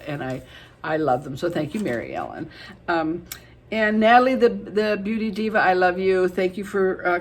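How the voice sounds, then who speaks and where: A middle-aged woman vlogging to her viewers in a casual, chatty and affectionate way, with many fillers. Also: lowish voice. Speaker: beauty vlogger. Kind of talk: casual chat to camera.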